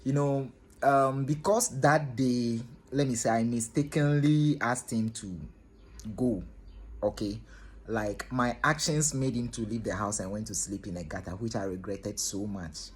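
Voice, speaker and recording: A man's voice: medium pitch, measured pace, husky. A man chatting to viewers as he tells a story, repeating himself and checking in with his listeners. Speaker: storytelling vlogger. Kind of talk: casual spoken storytelling to camera.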